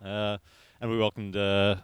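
Man, podcast guest, lowish voice, smooth and clear, dry sound. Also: little pitch movement, no room sound. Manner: measured, hesitant with fillers. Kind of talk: casual chat.

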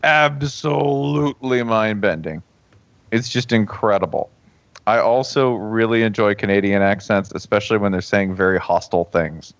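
A man co-hosting a podcast in casual chat, animated, laughing often and slipping into mock accents. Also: fairly low pitch, normal speed, no echo, lo-fi sound. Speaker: podcast co-host.

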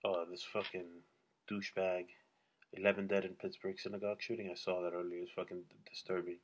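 A man vents on his own to camera in a loose, rambling monologue. His voice sits low with a husky edge, and his manner stays blunt and heavy on swearing. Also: level tone, brisk, lo-fi sound. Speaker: solo vlogger. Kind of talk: casual solo rant.

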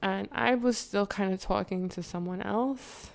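A woman vlogger with a gravelly, creaky voice, telling a personal story to her viewers. Her pitch sits in a middle range. She talks frankly in slang, laughs often and wanders into side remarks. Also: measured pace. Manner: chatty, digresses, addresses viewers. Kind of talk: candid storytime.

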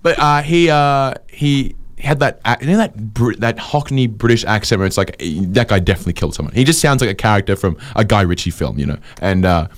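A man's voice: medium pitch, expressive, a little fast, few pauses. A man co-hosting a comedy podcast, telling jokey, rambling stories full of fillers. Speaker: co-host.

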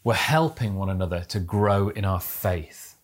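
A man's voice: deep voice, animated, a little slow, breathy edge. A man preaching a sermon to his church, earnest and exhorting, building up to emphatic peaks. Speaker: pastor.

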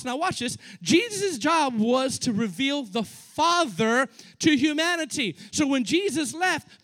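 A middle-aged man preaching a sermon, animated, acting out scripture scenes in casual slang. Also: very high voice. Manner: animated, acts out biblical dialogue in casual slang.

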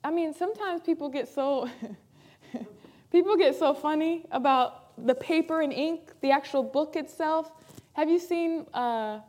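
High-voiced woman pastor preaching emphatically. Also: measured pace, a little mellow. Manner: earnest, emphatic preaching with repeated phrases. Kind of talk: sermon.

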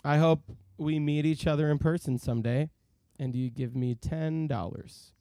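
A man's voice: fairly high pitch, normal speed, dark tone, no echo. A man co-hosting a casual podcast, reading listener emails aloud and joking around. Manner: reads listener emails aloud, jokey, slips into silly voices. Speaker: podcast co-host.

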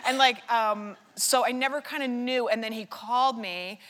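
A woman guest author in a live onstage conversation, telling rambling, self-deprecating stories full of quick imitations. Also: a little high, a bit bright, big-room sound. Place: theater stage before a live audience.

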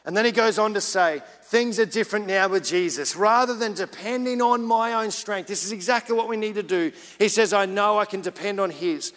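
A man delivers a sermon in a high, bright voice, telling a story in a relaxed, chatty way and then pressing his point with rising urgency. His words ring out with a long reverb, as in a church hall. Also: fairly quick, hardly any pauses. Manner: casual preaching, rising to urgent emphasis. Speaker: pastor.

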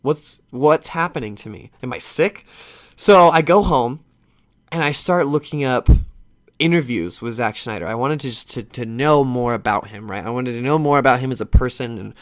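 Man, podcast host, casual rambling story, restarts, mild swearing, livens up retelling chats, mid-pitched voice. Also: normal speed. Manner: lively when retelling conversations.

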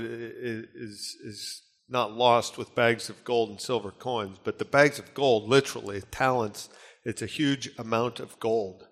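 A man preaching in a church, earnest and conversational, with casual asides as he explains scripture. His voice sits at an ordinary middle pitch, and a long reverb from the hall trails after his words. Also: a bit bright. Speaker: pastor. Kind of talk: sermon.

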